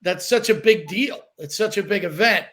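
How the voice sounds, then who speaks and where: A man hosting a relaxed podcast interview, stumbling through his questions and starting them over. His voice sits high for a man. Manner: halting, restarts questions. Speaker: podcast host. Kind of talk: casual interview chat.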